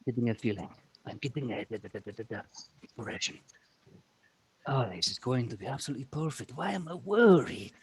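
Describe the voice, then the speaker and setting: A man's voice: medium pitch, expressive, a little fast, long pauses, breathy edge, pitched below the performer's own voice. A man doing Sir Meow Meow, a flamboyant cat designer. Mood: fussy. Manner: theatrical, insistent, sprinkles in Spanish words. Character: flamboyant, bossy male cat fashion designer.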